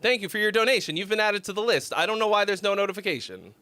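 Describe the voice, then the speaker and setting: A man's voice: high voice, expressive, fast, pushed and bright, dry recording. A man hosting a casual music critique livestream, rambling and laughing as he thinks aloud. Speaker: host.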